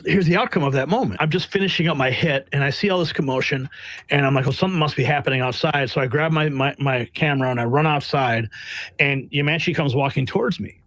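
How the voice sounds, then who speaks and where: A man working as a press correspondent, telling stories in a blunt, animated way during a casual interview. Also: mid-range voice, fast talker, dry recording. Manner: blunt, animated, acts out quotes. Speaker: White House press correspondent.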